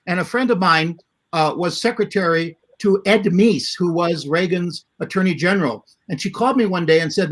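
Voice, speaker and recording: Wry male storyteller, high voice. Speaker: guest.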